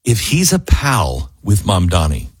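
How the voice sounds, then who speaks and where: A man's voice: sits low, unhurried, slightly rough, no echo. A male radio talk show host, emphatic and opinionated, with a dry close studio sound. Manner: emphatic, animated, mocks others in put-on quotes.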